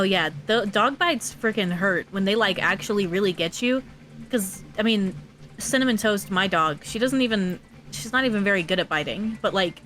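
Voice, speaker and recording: A woman's voice: medium pitch, fairly bright tone. A tired young woman co-hosting a stream, chatty and stumbling over her words. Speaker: co-host. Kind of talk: casual stream chat.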